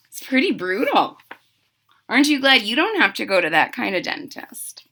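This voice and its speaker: A woman teacher reading a picture book aloud to children, expressive, with chatty asides to the class. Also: medium pitch, moderate pace, slightly rough.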